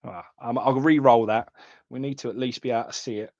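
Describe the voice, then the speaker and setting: A man's voice: mid-range voice, steady tone, a little fast, a little mellow, no echo, highs cut off. A man hosting a live trading card stream, chatting casually and calling viewers mate.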